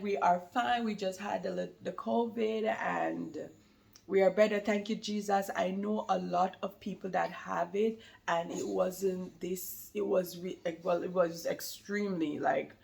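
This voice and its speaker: Woman, new mom vlogger, casual chatty talk, gravelly voice, frequent laughs, mid-range pitch. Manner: chatty and rambling, laughs often, many fillers. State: slight lingering cold. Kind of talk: casual chat to camera.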